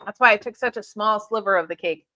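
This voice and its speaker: A woman's voice: mid-range voice, quick pace, pushed and bright, no room sound. A woman hosting a live stream for her tea shop, talking in a chatty, upbeat way with fillers and laughs. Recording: dull lo-fi stream audio.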